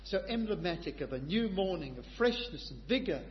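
A man preaching a sermon with passion, moving between quiet reflection and loud, emphatic declarations. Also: high-pitched, lively intonation, a little fast. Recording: lo-fi recording in a reverberant hall, faint hum.

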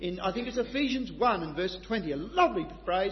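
A man preaching a sermon with passion, moving between quiet reflection and loud, emphatic declarations. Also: sits high, lively intonation, moderate pace, hardly any pauses. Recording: lo-fi recording in a reverberant hall, faint hum.

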